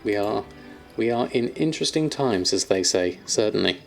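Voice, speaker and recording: A man's voice: on the low side, lively intonation, moderate pace, gravelly, soft background music. A man chatting on a live stream, reading viewer questions aloud and answering them with plenty of ums and fillers. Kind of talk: casual live-stream chat.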